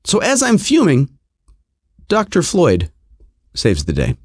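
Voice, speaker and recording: A middle-aged man tells a comic story with mounting exasperation, mocking himself as he goes. His pitch sits slightly high and swings widely. The recording is dry, with no room echo. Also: takes it slowly. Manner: exasperated, animated, self-mocking. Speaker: podcast host telling a story.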